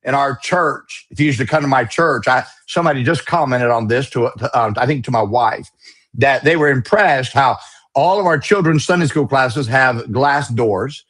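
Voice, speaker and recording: A middle-aged man preaching a sermon as pastor, forceful and emphatic, with folksy, mocking asides. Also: medium pitch, moderate pace.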